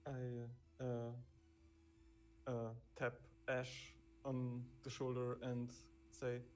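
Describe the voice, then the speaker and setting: A man playing a tabletop game, speaking haltingly with many hesitations. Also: mid-range voice, monotone, a little hiss or hum. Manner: halting, hesitant, laughing between lines. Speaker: player. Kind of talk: casual tabletop game play.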